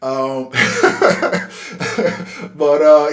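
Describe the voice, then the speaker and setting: A man in his forties from Philadelphia telling a personal life story in a casual, conversational way, getting animated when he relives tense moments. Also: fairly high pitch, moderate pace. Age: 40s. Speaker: host. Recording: roomy echo.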